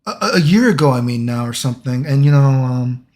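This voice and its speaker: A man voicing a flustered woman office worker who stammers, fills every pause and keeps backpedaling. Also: medium pitch, animated, darkish tone, lightly acted. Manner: stammering, filler-heavy, evasive.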